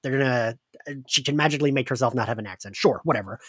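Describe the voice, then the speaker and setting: A man's voice: mid-range voice, fast talker, slightly rough, dry recording, studio quality. A man in a casual pop-culture podcast chat who muses aloud and corrects himself as he goes. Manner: musing, self-correcting, animated. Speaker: podcast guest or host.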